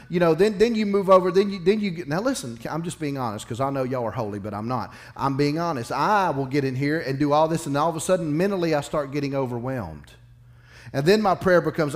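A male pastor delivers a sermon in an emphatic, confessional way. He swings from loud bursts to hushed, tender passages. His voice sits at an ordinary middle pitch. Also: expressive, brisk.

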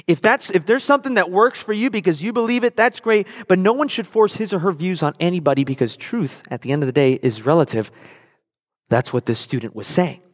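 A man's voice: sits high, lively intonation, brisk. Man, pastor, sermon, emphatic, repeats phrases, long reverb, church sanctuary.

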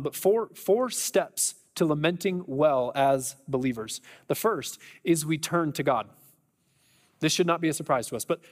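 A man with a high voice preaches a sermon, speaking conversationally and with emphasis as he poses rhetorical questions to the congregation. His voice rings with the long reverb of a large hall. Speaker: pastor.

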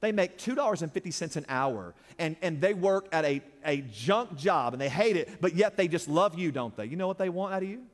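High-voiced preacher in an echoing hall. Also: male voice, lively intonation, brisk, hardly any pauses. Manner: emphatic, call-and-response, surges louder and higher on key points. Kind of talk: sermon. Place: church sanctuary. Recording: long reverb of a church hall.

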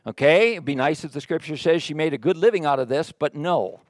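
A male pastor delivers an animated sermon with a high-pitched voice. He drops into quiet, jokey asides, then rises into loud, emphatic reading. The sound is dry and close, with little room echo. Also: a little fast. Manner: jokey, sarcastic asides to the congregation. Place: church.

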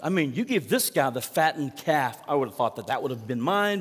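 Man, pastor, conversational sermon, rhetorical questions, mid pitch, long reverb. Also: sing-song, a little fast, few pauses.

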